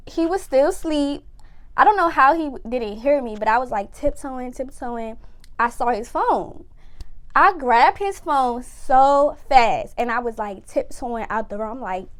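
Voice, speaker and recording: A young woman casually telling a personal story to camera, talking fast with lots of fillers and acting out what people said. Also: sits high. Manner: fast, animated retelling with lots of "like" and acted-out quotes.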